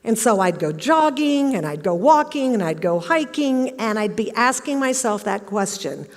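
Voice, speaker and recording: A woman's voice: on the high side, big pitch swings, normal speed, few pauses. A middle-aged woman giving a motivational talk on stage, telling a personal story and acting out the questions she quotes. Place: large auditorium. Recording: long hall reverb.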